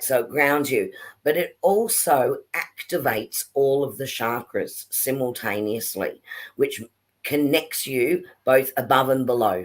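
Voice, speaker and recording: A woman co-hosting a spiritual session, explaining a technique slowly with fillers, over a video call. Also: a bass voice. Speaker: spiritual workshop co-host. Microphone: video call with dropouts.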